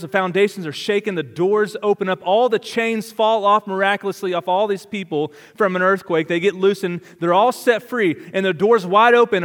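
High-voiced man preaching in a reverberant hall. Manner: dramatic preaching with rhetorical questions, swinging between loud and hushed. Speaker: pastor. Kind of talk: sermon.

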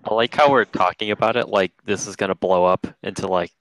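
A man's voice: on the low side, steady tone, brisk, fairly bright tone, no echo, rough recording. A young man co-hosting a casual podcast, giving short, dry reactions. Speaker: podcast co-host. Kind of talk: casual chat.

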